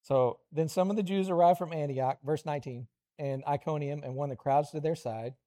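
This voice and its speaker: A man, middle-aged, preaching a lively children's sermon, animated storytelling with playful voiced asides. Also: a little high, a little fast.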